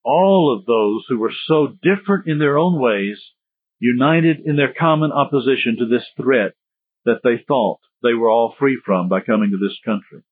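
A man's voice: mid-range voice, moderate pace, breathy edge. A man giving a history lecture in a conversational, digressive way with joking asides. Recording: tinny phone-like dry sound.

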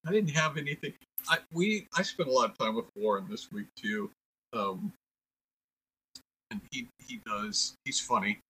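Older male comedian, husky voice, lively jokey chat. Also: mid-range voice, normal speed, long pauses, rough recording. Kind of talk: casual chat.

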